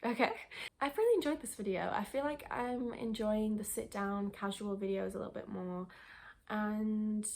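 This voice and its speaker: A young woman who vlogs about lifestyle sits and chats casually to the camera, rambling, restarting her sentences, and sounding slightly breathless. Her voice is medium in pitch with a darkish tone, and she talks at a normal speed.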